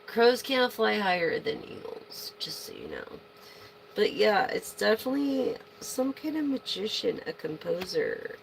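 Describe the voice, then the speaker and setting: A woman giving a casual tarot reading to her viewers, chatty and excitable, swearing freely and breaking into loud bursts. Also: mid-range voice, vocal fry, slight background noise, rough recording. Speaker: tarot reader.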